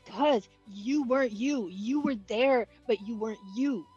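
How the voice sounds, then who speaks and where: A woman's voice: a little high, unhurried, darkish tone, breathy edge, faint music behind. Woman playing an insistent, agitated companion. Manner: insistent, clipped. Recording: dull lo-fi mic.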